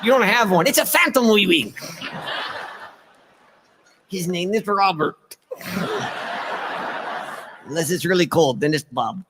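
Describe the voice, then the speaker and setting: A man's voice: high voice, animated, unhurried, pauses often. A man who is a ventriloquist comedian, teasing his puppet with dry stage banter. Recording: noisy replay of a stage show.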